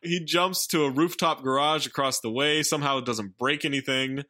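A man's voice: a little high, normal speed, sharp tone, no echo. A man co-hosting a casual talk show, summarizing a film's plot with dry asides. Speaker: podcast co-host recapping a film. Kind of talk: casual chat, recapping plot.

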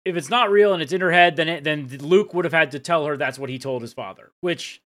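A man's voice: fairly high pitch, fast talker, fairly bright tone. A man co-hosting a podcast who cuts in emphatically during a casual recap. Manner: interjecting, emphatic. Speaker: podcast co-host.

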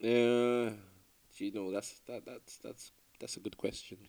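A Nigerian musician with a Nigerian accent talks casually as an interview guest, relaxed and rambling, full of fillers and restarts. His mid-range voice is gravelly and measured in pace.

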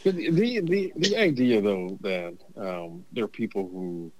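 A man in casual conversation, halting and measured, restarting his sentences often. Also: fairly low pitch, animated, dry recording, rough recording.

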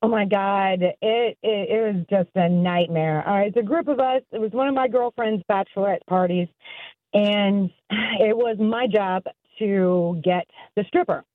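A woman from Tennessee calling in, telling a story in a rueful, rushed way. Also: medium pitch, no room sound. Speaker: caller. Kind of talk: casual storytelling. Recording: thin phone line.

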